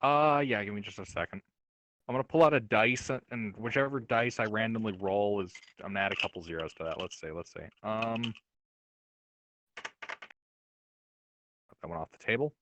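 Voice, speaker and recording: A man running a tabletop game as game master, relaxed and joking, thinking aloud as he talks. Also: lowish voice, normal speed, pauses often, no room sound.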